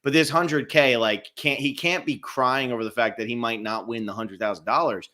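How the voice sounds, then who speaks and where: A man's voice: medium pitch, fairly even intonation, moderate pace, pushed and bright. A man co-hosting a podcast, chatting casually and rambling through a recap of a reality show, laughing now and then. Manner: rambling, amused, laughs often. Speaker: podcast co-host.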